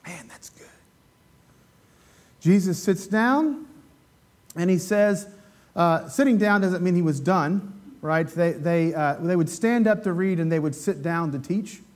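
High-voiced man preaching conversationally. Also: measured pace. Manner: conversational, asks the congregation questions, acts out quoted voices. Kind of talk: sermon.

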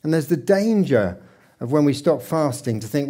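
A man preaches in church, his tone chatty and warm toward the people in front of him. He stops often to put questions to the congregation. His voice carries through a microphone. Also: fairly high pitch, lively intonation, normal speed. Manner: conversational, asks the congregation questions. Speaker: pastor. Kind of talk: church sermon. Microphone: handheld microphone.

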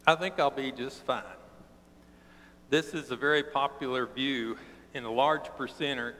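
A man preaching a sermon, telling a personal story in an earnest, plainspoken way and slowing down for emphasis. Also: medium pitch, sharp tone. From East Tennessee. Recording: long reverb of a large hall.

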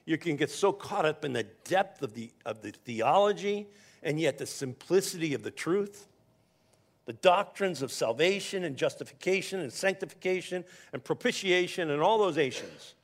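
A man's voice: a little high, lively intonation, normal speed. A man preaching a sermon, teaching from scripture in a conversational way with personal stories and some stumbling restarts. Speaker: pastor.

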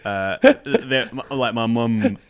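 A man's voice: mid-range voice, slow. A young British man, an indie game developer guest, chatting casually with hesitant fillers and self-deprecating jokes. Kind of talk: casual interview chat.

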